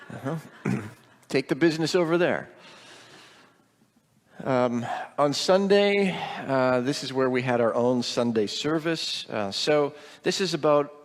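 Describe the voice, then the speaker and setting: A man's voice: mid-range voice, gravelly, long reverb tail. A middle-aged man, a pastor, casually reporting on a mission trip to his congregation, rambling with many ums and light jokes.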